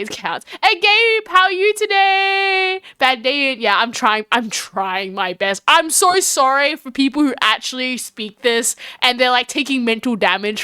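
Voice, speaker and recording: Brief: rambling self-mocking streamer woman, bright clear voice, dry close mic. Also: a little high, no echo. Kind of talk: casual game-playing chat.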